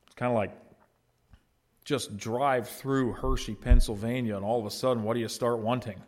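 A man's voice: medium pitch, fairly even intonation, moderate pace, darkish tone. A man preaching a sermon as pastor, in a conversational way, putting questions to his congregation and answering them himself.

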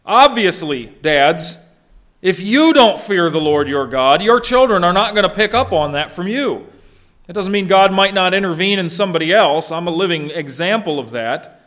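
A middle-aged male pastor preaching a sermon in an earnest voice that sits somewhat high for a man. He keeps turning to his listeners with rhetorical questions. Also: animated, moderate pace, a bit bright.

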